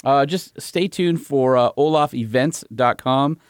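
A man hosting a podcast who reads sponsor ads live in an upbeat, brisk way and teases his co-host in casual chat. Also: medium pitch, smooth, dry recording, studio quality. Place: small cramped room.

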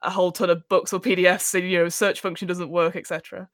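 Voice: medium pitch, flat delivery, quick pace, a bit bright, no room sound. A podcast guest who also runs games talks shop about game mastering, chatty and reflective. The speech is full of "you know"s and easy asides. The recording is close and completely dry. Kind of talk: casual podcast chat about tabletop games.

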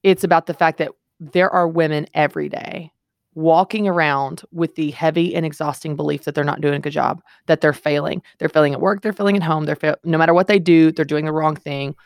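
Low-voiced woman, earnest guest. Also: fairly even intonation, brisk, dry recording, clean studio sound. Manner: earnest, emphatic storytelling. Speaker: guest author. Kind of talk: podcast interview.

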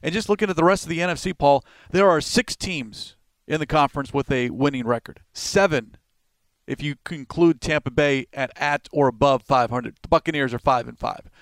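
A man hosting sports radio, his voice smooth and a touch higher than most. He lays out the facts steadily and without hurry. The close, dry recording has no room echo. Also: normal speed. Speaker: radio host.

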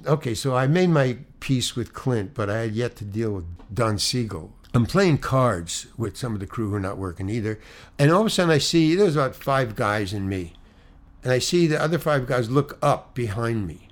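A man who is a stand-up comedian, telling an animated, self-deprecating anecdote and acting out the quotes himself. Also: medium pitch, moderate pace. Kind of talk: anecdotal storytelling.

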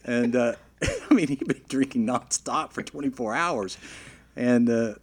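A middle-aged man telling a long, animated anecdote in a casual way, with frequent "you know" fillers and restarts. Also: mid-range voice, measured pace, breathy edge. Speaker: storyteller.

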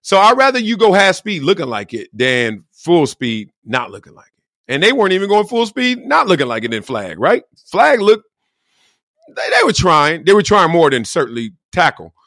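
A man's voice: a little high, very animated, moderate pace, a bit bright, no room sound, studio quality. A middle-aged man hosting a casual sports show, talking in slang and acting out quotes in different voices. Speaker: host.

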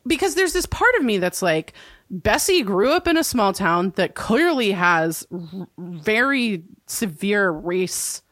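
A woman co-hosting a casual podcast, recapping a TV show, laughing often and swearing as she thinks out loud. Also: medium pitch, sing-song, unhurried, no room sound, studio quality. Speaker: podcast co-host.

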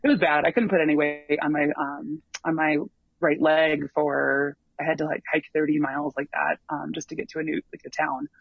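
A man with a fairly high voice talks through his long hike at an easy pace, often stalling on ums and starting his sentences over. The sound is dull and lo-fi, close and dry, with no room around it. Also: flat delivery, brisk, vocal fry, dry recording, faint music behind. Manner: rambling, full of ums and restarts. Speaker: long-distance hiker guest. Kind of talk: casual interview storytelling.

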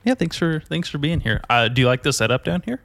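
A man's voice: a little high, sing-song, fast talker, gravelly, a bit bright, no echo. Man, podcast host, sarcastic, crude jokes, casual banter.

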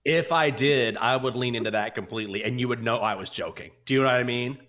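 A man's voice: medium pitch, fast. A man co-hosting a sports betting podcast, chatting casually and telling stories with mocking voices. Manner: animated storyteller, mocking voices.

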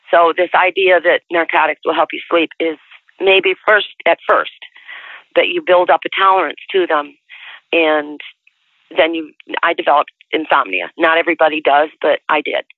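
A woman's voice: sits low, steady tone, brisk, no room sound. A woman in her sixties telling her life story in a chatty, rambling way, with frequent restarts, heard over the telephone. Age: 60s. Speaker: interviewee. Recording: tinny dry phone line.

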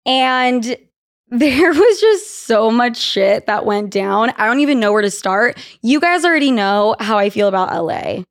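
A woman's voice: fairly high pitch, measured pace. A young woman from Utah hosting a podcast, telling candid, profane stories in casual chat. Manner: candid, profane, animated storytelling. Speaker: podcast host.

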